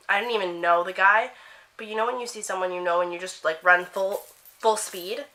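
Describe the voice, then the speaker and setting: A young woman from Canada telling a story to camera, animated, acting out the quotes and saying "like" a lot. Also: mid-range voice, normal speed, poor audio. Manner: animated, acts out quotes, heavy use of "like". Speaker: vlogger. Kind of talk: chatty storytelling while getting ready.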